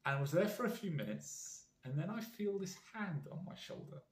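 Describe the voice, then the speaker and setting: A man's voice: on the high side, sing-song, normal speed. A man with a British accent giving a heartfelt, rambling fan message with frequent restarts. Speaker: fan vlogger. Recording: roomy echo.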